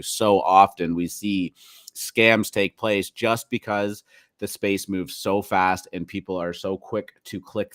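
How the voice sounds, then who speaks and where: Low-voiced man with dry, close sound. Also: no echo. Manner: rambling, hesitant, many fillers. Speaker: co-host of a crypto news show. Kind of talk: casual chat.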